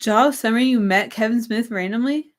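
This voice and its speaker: Young woman host, chatty and relaxed, slight hoarseness, answers her viewers' comments. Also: on the high side, normal speed. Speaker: livestream host. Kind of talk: casual livestream chat. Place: her room with string lights.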